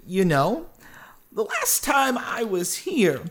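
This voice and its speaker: A man's voice: very high voice, wildly swooping pitch, fairly bright tone, pitched above the performer's own voice, exaggerated voice. A man voicing a pompous, genteel male interdimensional traveler who speaks in a florid, formal way. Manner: florid, formal, drawn-out speech.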